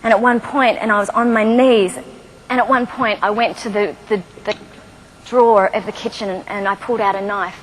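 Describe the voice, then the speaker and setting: A woman's voice: medium pitch, steady tone, normal speed, a little hiss or hum, rough recording. A middle-aged woman giving a motivational talk on stage, telling her life story with self-deprecating humor and questions to the audience. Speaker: motivational speaker. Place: stage before a live audience.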